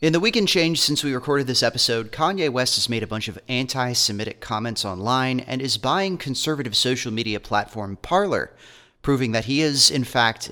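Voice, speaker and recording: Podcast guy being blunt n sardonic, sharp bright voice, lots of reverb. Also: medium pitch. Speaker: podcast co-host. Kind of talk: recorded update note.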